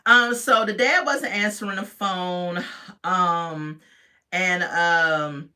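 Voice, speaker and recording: Reviewer, casual recap, bright forceful voice, opinionated and animated with viewers. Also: slow pace. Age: adult parent. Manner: chatty, opinionated, talks straight to viewers; animated, jumps in pitch when reacting. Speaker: reality TV reviewer.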